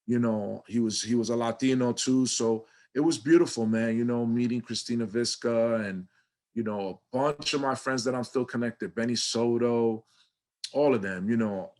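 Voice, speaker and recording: A man's voice: medium pitch, moderate pace. A middle-aged man from New York City with a New York accent, telling stories animatedly in a casual interview and swearing freely. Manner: animated, swears freely, acts out his younger self. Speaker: guest.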